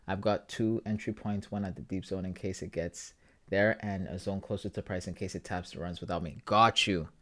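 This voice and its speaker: A man's voice: on the low side, steady tone, moderate pace, fairly bright tone. A man who grew up in Ghana, chatting casually on a live stream, joking and using slang as he reads his chat. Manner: laid-back, joking, talks to chat with slang. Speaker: forex trading streamer.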